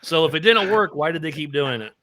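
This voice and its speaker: A man's voice: on the high side, expressive, fast talker, pushed and bright. A man co-hosting a casual podcast, reading out trivia and telling rambling jokes. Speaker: podcast co-host. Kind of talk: casual chat.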